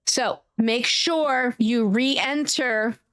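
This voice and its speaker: A woman streamer chatting casually with her viewers, greeting them warmly by name and swearing now and then. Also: on the high side, drawn-out words, no echo. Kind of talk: casual live-stream chat.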